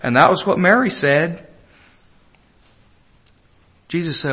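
Male preacher, unhurried sermon delivery, earnest and tender, muffled low-fidelity recording. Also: animated. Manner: earnest, swings from loud urging to hushed tenderness.

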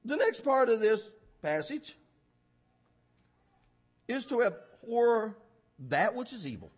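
Man, preacher, very high voice, lively swooping pitch, fervent sermon. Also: takes it slowly, husky. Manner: fervent, with sudden loud emphasis.

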